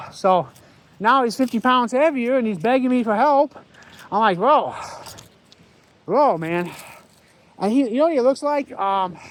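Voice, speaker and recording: A man vlogging while walking his dog in a windy park, talking bluntly with swearing and many restarts. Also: high-pitched. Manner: blunt, profane, rambling with restarts. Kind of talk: casual rambling vlog talk. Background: wind and faint outdoor noise.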